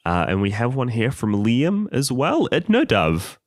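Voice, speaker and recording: A man's voice: medium pitch, huge pitch swings, a little slow, dry recording, clean studio sound. A man co-hosting a podcast in casual chat, bantering in a playful, giggly way. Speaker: podcast co-host.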